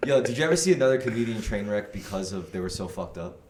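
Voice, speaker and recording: A man hosting a podcast in a casual chat, swearing freely and rushing into loud bursts. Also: fairly low pitch, animated, crowd noise. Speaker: podcast host. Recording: echoey room with faint noise.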